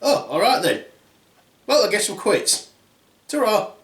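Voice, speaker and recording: A man voicing a grumpy, shouting male landowner in a comic fairy tale, loud and cross. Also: sits high, big pitch swings, unhurried, voice pushed up, heavily acted. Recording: roomy echo.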